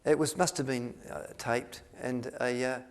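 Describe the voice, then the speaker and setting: This man's steady, mid-range voice carries a story he's telling to a health retreat audience. He wanders as he goes, with lots of ums and false starts, and performs the quoted lines as though playing the characters.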